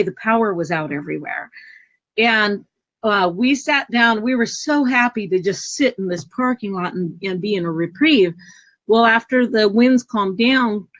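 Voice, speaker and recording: A middle-aged woman with a fairly high voice, a guest, tells a personal story conversationally in a travel trailer. She's animated, acting out what people said and sometimes erupting in loud bursts. The sound is close and dry with no room sound, and the highs are cut off.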